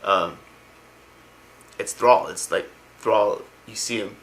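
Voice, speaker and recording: A man's voice: on the low side, slow, a bit bright, low-quality recording. A young man casually retelling a story, rambling and enthusiastic with slangy asides. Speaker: lore explainer.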